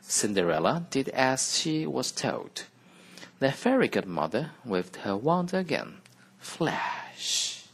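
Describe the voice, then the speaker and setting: Brief: male teacher narrating a fairy tale, slow and deliberate, breathy. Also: medium pitch, big pitch swings. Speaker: radio English teacher. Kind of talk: slow, expressive storybook reading.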